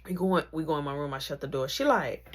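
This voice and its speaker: Woman storyteller, husky voice, plays every character, hushed to loud. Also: low-pitched, lively intonation, fast. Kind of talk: animated storytelling.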